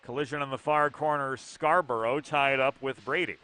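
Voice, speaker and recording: A man calling youth hockey play-by-play from an arena, brisk and precise with dry asides. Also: mid-range voice, fairly even intonation, sharp tone, smooth. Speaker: play-by-play commentator. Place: ice arena broadcast position.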